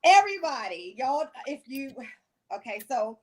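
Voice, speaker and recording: High-voiced, gushing woman podcast host. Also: moderate pace. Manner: gushing, excitable, upbeat. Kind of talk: casual podcast interview.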